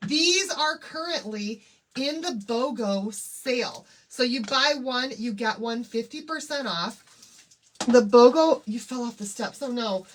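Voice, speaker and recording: A bubbly, chatty woman with a fairly high voice hosts a casual craft livestream, greeting viewers one by one while getting her supplies ready. Her intonation is lively and her pace a little slow.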